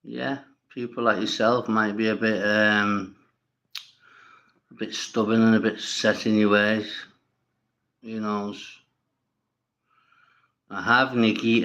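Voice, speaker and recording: Blunt, slow-talking, low-voiced man. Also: level tone, fairly bright tone, dull audio. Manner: blunt, swearing, rambling, talks back to viewers. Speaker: livestream host. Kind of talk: casual livestream chat reading comments.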